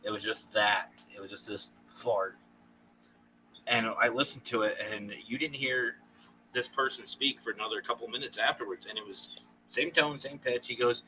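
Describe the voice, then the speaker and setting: A man, a paranormal consultant guest, telling animated stories in casual podcast chat and laughing often. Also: mid-range voice, normal speed, slight background noise, poor audio.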